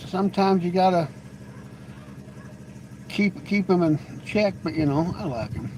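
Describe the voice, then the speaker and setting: A man's voice: sits high, animated, measured pace, darkish tone, a little hiss or hum, poor audio. A man hosting a live stream, chatting casually with viewers in a rambling, teasing way, often stammering into restarts. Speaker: livestream host.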